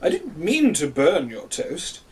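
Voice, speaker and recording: A man voicing a cheeky, playful little rooster in a children's story, speaking in a high, squeaky crowing voice. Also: wildly swooping pitch, measured pace, husky, far from the mic, full character voice. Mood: apologetic.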